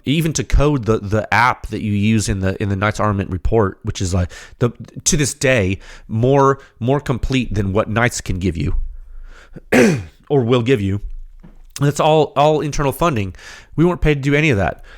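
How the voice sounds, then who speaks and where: A man hosting a podcast, slightly hoarse and losing his voice, giving an emphatic, rhetorical unscripted technical monologue straight to his audience. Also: mid-range voice, lively intonation, moderate pace. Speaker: podcast host, firearms silencer researcher.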